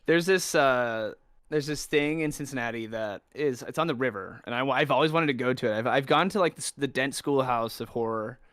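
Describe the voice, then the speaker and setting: A young man co-hosting a casual podcast. He talks at an ordinary middle pitch and breaks into loud, animated bits while telling stories. The sound is close and dry. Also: fairly quick, no room sound. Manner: animated storyteller, loud acted outbursts. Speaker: podcast co-host. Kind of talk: casual chat.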